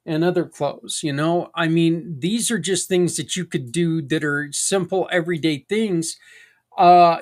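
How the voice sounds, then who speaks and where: Podcast host, folksy, rambling, earnest and encouraging, casual monologue. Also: mid-range voice. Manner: folksy and rambling, with tangents and mild swearing.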